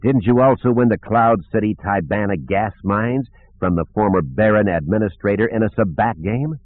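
A man voicing a gruff, hot-tempered male pilot who talks curt and snappish. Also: sing-song, brisk, exaggerated voice. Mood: snappish, menacing. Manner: curt, snappish, low and threatening. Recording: narrow phone-like sound.

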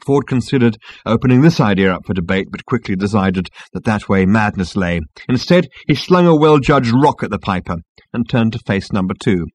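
A man's voice: fairly low pitch, moderate pace, no echo. A man narrating an audiobook expressively and voicing the characters. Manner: lively, voices characters.

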